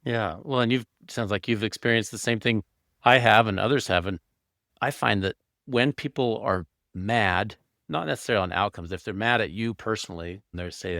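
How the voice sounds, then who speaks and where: A man's voice: lowish voice, brisk, gravelly, a bit bright, no echo, studio quality. A man hosting a podcast for doctors, responding conversationally and reflectively to his guest. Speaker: podcast host, physician. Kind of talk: conversational interview.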